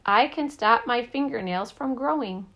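A woman voicing an anxious, nerdy boy who has lost his genius, stammering in a high, panicky voice. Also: unhurried, fairly bright tone, lo-fi sound. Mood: earnest. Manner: panicky, stammering, rising pitch.

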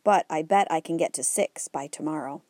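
A woman's voice: sits low, moderate pace, a little mellow, dry recording, studio quality, lightly acted. A woman reading the part of an eager, chubby young boy in a storybook, earnest and a little boastful.

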